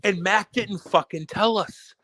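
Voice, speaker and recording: Man, podcast co-host, casual profane storytelling, slightly high voice, dry close sound. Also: a little slow, no room sound. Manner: profane, animated storytelling with acted quotes.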